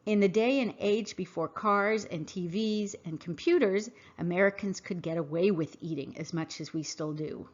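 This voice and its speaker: A woman hosting a podcast, reading a scripted monologue in an earnest, emphatic, measured way. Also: lowish voice, highs cut off. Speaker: podcast host. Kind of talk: scripted monologue read aloud.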